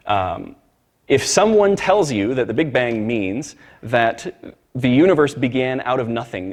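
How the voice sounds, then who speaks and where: Casting note: male Sunday school teacher, mid-pitched, emphatic delivery, stumbles and restarts, talks straight to the class. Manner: emphatic, repeats words and restarts, addresses the class directly. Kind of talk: church Sunday school lecture. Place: church classroom.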